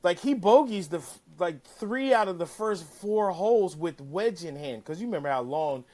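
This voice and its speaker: A man telling a casual, animated story as a guest, cursing freely and acting out what people said. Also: sits high, moderate pace. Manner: animated, profane, acts out quotes. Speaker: caddie-turned-broadcaster guest.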